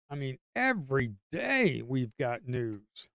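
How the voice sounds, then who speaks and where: A man's voice: fairly high pitch, moderate pace, clean tone, no room sound. A man giving casual live commentary on his day trading, talking to the chart and coaxing the market along, sometimes cursing under his breath. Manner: talks to the screen, coaxing the market aloud. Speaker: livestream day trader.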